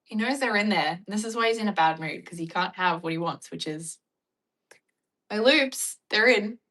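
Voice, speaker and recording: A young Australian woman chatting casually and bluntly with her viewers, joking and acting out animated retellings. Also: medium pitch, moderate pace, poor audio. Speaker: vlogger. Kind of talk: casual chat reacting to viewer comments.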